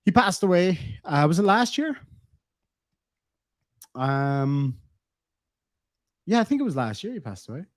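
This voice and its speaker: A man's voice: a little high, big pitch swings, unhurried, pauses often, dry recording, clean studio sound. An Irish man casually chatting to his live-stream audience, laughing often and swearing freely. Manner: profane, laughing, quoting lines.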